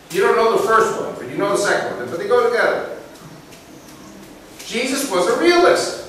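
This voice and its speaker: A man speaking to a live audience in a preaching style, asking them questions and telling stories with lively emphasis. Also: sits high, normal speed. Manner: animated, asks the audience questions and tells stories. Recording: echoey room picked up from a distance with hiss.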